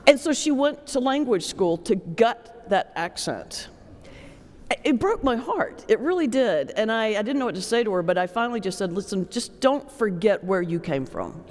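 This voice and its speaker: A man with a Southern US accent, a preacher telling a folksy, animated story on a panel. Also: very high-pitched, moderate pace. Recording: hall reverb.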